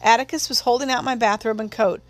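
Woman narrating an audiobook, fairly high voice. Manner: measured, steady storytelling.

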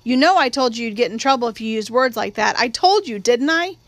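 A firm, no-nonsense uncle gives a reproachful talking-to, as a woman reader puts him on. The voice stays high, and the reading sounds dry and close. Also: animated, fairly quick, no echo.

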